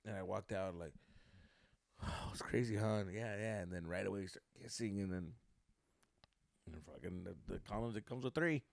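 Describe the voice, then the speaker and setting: A young man co-hosting a podcast, telling a crude, animated story in casual chat with lots of swearing. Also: sits low, normal speed, gravelly, long pauses, no room sound, studio quality. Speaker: podcast co-host.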